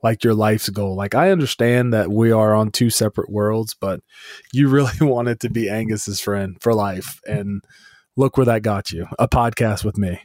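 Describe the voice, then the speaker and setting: A man co-hosting a podcast, trading dry, teasing remarks and laughing along. His voice sits on the low side. The recording is dry and close. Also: moderate pace, darkish tone, dry recording. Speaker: podcast co-host. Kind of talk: casual chat.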